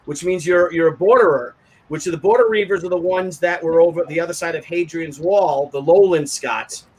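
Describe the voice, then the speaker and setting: A man's voice: fairly high pitch, brisk, slightly rough, rough recording. A man hosting a casual online talk show, telling a long story with many restarts and asides. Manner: rambling, animated storytelling with frequent restarts. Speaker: show host. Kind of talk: casual chat.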